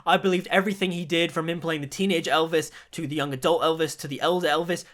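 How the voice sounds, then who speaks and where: Enthusiastic, high-voiced male film reviewer. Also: steady tone, fast talker, a bit bright. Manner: enthusiastic, chatty. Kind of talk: casual video review.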